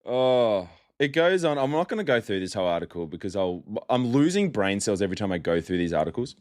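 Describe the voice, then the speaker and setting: Low-voiced mocking man. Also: sing-song, fast, darkish tone. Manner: mocking, chatty, breaks into laughter often. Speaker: podcast host. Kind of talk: casual solo podcast monologue.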